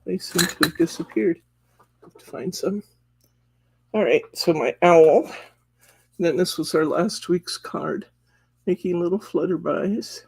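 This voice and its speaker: Chatty craft-show host, male, unhurried delivery with a gravelly edge. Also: high voice. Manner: chatty, laughs often, greets viewers by name. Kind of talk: live craft demo chat.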